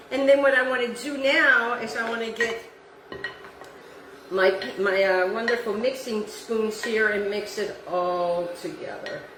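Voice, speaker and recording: Recorded on a distant mic in a roomy space with a noisy background, a woman with a highish voice hosts a home kitchen cooking demo. She's effusive about the food, keeps saying "beautiful" and "wonderful," and uses Italian words.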